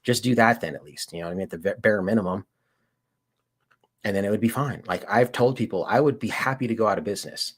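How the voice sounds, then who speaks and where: Speaking fast in a fairly low voice, a Colorado livestream host and auditor chats with his viewers. His talk is casual and rambling, loaded with slang like "dude" and "like."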